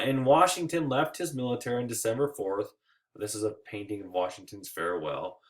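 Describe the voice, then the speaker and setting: A man giving a recorded history lecture over slides, casual and joking, with playful asides and quick put-on voices. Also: medium pitch. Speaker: history teacher.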